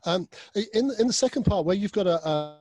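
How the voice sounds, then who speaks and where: A man's voice: high-pitched, expressive, fairly quick, darkish tone. A man asking a seminar question hesitantly, with many fillers and restarts. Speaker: audience questioner.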